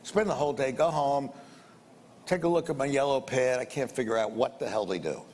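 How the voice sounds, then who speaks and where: Fairly quick and a little mellow, a mid-range male voice belongs to an older man recounting a business story. He tells it bluntly and rambles, repeating words and cursing slightly, with roomy reverb and faint noise behind him.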